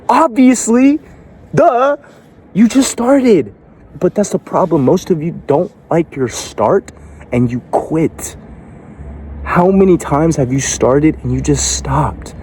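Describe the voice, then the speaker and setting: A man's voice: mid-range voice, measured pace, warm tone, a little hiss or hum. A man giving a motivational speech in a blunt, confrontational way, cursing and firing rhetorical questions at the listener. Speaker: motivational speaker.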